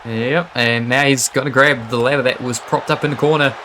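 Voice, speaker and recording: Male wrestling commentator, excitable play-by-play, constant gasps, noisy stream audio. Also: mid-range voice. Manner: fast reactive play-by-play, frequent gasps and exclamations.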